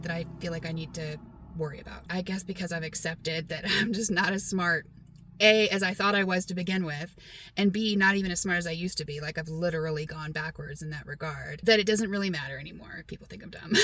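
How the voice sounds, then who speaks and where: A woman's voice: lowish voice, sharp tone. Chatty Texan woman vlogging. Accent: mostly neutral American, light Southern Texas twang at times. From Texas. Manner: chatty and self-deprecating, with frequent fillers. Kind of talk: casual talk to camera.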